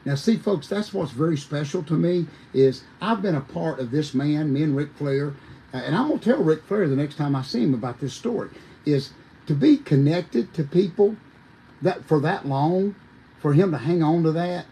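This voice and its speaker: A man, a former wrestler telling lively, folksy stories as a podcast guest, talking straight to his listeners. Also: on the high side, normal speed, a little hiss or hum, low-quality recording. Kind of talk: animated storytelling on a podcast.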